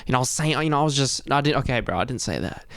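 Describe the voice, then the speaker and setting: Young guy, casual vlog monologue, slangy and rambling, medium pitch, dry close sound. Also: expressive, very fast, a bit bright, no room sound. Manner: rambling slangy delivery full of "you know" and "dude". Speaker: vlogger.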